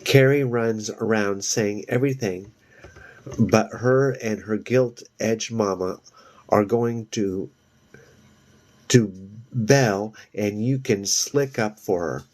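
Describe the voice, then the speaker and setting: A man's voice: fairly low pitch, takes it slowly, darkish tone. A man voicing a brash, sneering teenage girl with a crude tongue, reading from a novel. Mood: furious.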